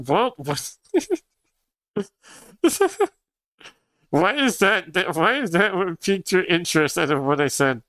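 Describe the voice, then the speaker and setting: A man's voice: on the high side, pushed and bright, no echo. A young man whose first language is Spanish, chatting casually on a livestream, rambling and laughing often as he answers chat. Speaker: streamer.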